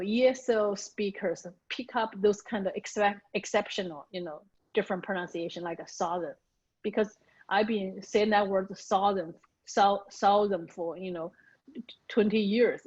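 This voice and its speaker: A woman's voice: medium pitch, moderate pace, breathy edge, muffled recording. A woman from China with a Chinese accent, a native Mandarin speaker, going over her pronunciation with a coach and searching thoughtfully for her words. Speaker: author and student.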